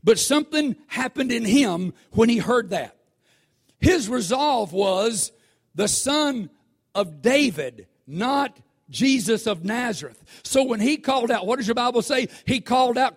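A man preaching a sermon, talking conversationally to the congregation and swelling into shouts. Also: extremely high pitch, animated, measured pace. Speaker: pastor.

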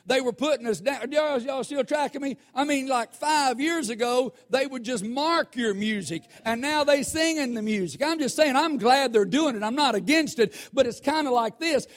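A man preaching a sermon, asking the congregation questions and slowing down to stress scripture. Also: very high-pitched.

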